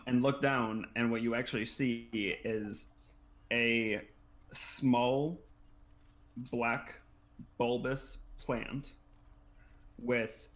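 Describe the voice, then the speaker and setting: A man running a tabletop game as game master, describing scenes in a loose, rambling way full of fillers. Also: medium pitch.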